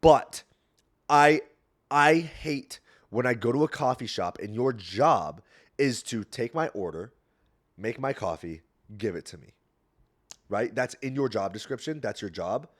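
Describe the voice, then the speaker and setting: A young man hosting a podcast in a casual solo rant, full of swearing and rambling, moving between low mumbles and loud outbursts. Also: animated, measured pace. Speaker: podcast host.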